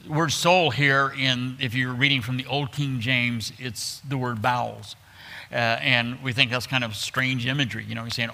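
A man teaching through a Bible passage from the pulpit. His voice is bright and forceful, yet he talks in an easy, conversational way, restarting phrases as he explains. He reads the verses aloud between his comments. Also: mid-range voice, fairly even intonation, normal speed. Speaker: pastor. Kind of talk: expository Bible sermon.

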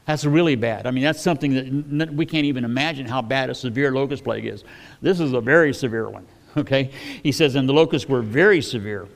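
A man's voice: medium pitch, fast, gravelly. A man preaching a sermon in a folksy, conversational way, often restarting with fillers.

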